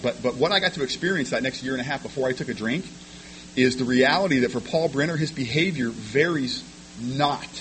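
A man's voice: mid-range voice, fairly bright tone, a little hiss or hum, low-quality recording. A man sharing his personal recovery story with a meeting, frank and self-deprecating, often stumbling over repeated words. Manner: rapid, stumbling repetitions of words.

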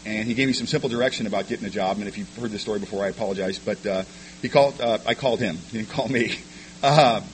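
A man's voice: fairly low pitch, slight background noise, low-quality recording. A man sharing his personal recovery story with a meeting, frank and self-deprecating, often stumbling over repeated words. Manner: rapid, stumbling repetitions of words.

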